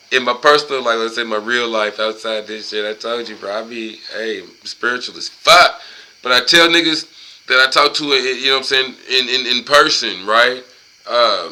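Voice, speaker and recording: A man's voice: medium pitch, bright, forceful tone, low-quality recording. A man casually reading from a book aloud and going off on long profane, rambling tangents.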